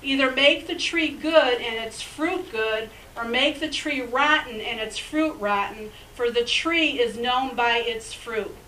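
A woman's voice: fairly high pitch, a little slow, hardly any pauses, sharp tone, far from the mic, a little hiss or hum, low-quality recording. A woman pastor preaching a sermon in an emphatic, conversational way, with chatty asides.

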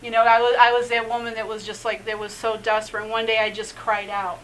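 A woman's voice: on the high side, fairly even intonation, fairly quick, few pauses, fairly bright tone, a little hiss or hum, rough recording. A middle-aged woman, a messianic rabbi, telling her personal testimony earnestly, laughing often and leaning on "you know". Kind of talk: personal testimony in a faith interview.

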